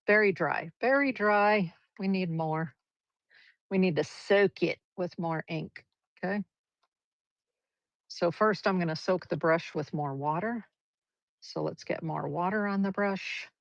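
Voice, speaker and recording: An art teacher with a low, gravelly voice leads a live brush painting demo, chatting warmly and encouraging viewers as she explains each stroke. The livestream audio is dry with no echo but dull and lo-fi.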